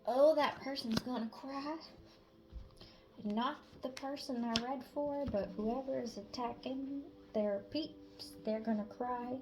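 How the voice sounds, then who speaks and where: A woman tarot reader giving a channeled spiritual reading in a blunt, casual way, swearing freely and sometimes dropping to a hush. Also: high-pitched, steady tone, slow, noisy background.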